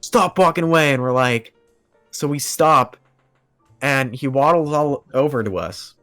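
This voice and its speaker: A young man spins a long, rambling story as a podcast guest, laughing along, leaning on fillers, and doing the voices of people he quotes in casual chat. He speaks a little slowly at medium pitch, a bit bright, with faint music behind him.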